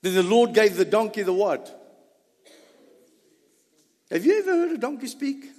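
A man preaching a sermon, animated, with sudden loud bursts and low asides. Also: moderate pace. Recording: reverberant hall.

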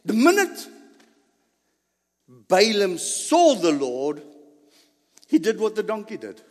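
Male pastor, theatrical sermon delivery, high voice, unhurried; hall reverb. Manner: animated, theatrical, laughing often. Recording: echoey church hall reverb.

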